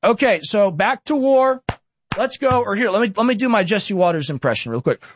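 A man's voice: high-pitched, expressive, fairly quick, slight background noise. A man from Texas hosting a political commentary show, ranting sarcastically and reading news aloud with cutting asides. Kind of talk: opinionated political monologue.

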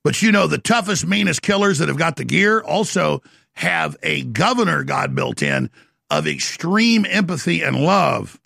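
A middle-aged man with a very gravelly, strained voice that sits high. He rants intensely on his talk show, boastful and combative. The sound is bone-dry and close. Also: very animated, moderate pace, sharp tone, no echo. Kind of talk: ranting monologue.

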